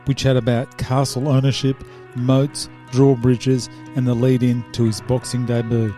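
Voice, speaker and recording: Chatty host, warm mellow voice. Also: male voice, medium pitch, level tone, measured pace, soft background music. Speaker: podcast host. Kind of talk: casual interview chat.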